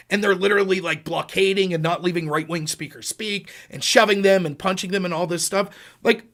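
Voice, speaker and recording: A middle-aged man hosting a political talk show, telling stories and acting out quotes with sudden jumps in pitch and volume. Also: a bit bright. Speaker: podcast host. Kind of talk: political commentary, storytelling.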